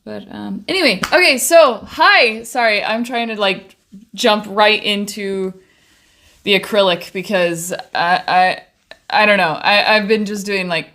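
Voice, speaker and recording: Livestreaming from her home studio as she paints, a young woman chats into a desk microphone in a bubbly, rambling way, trailing off and restarting. Her mid-range voice is unhurried, a bit bright, and fairly even in intonation.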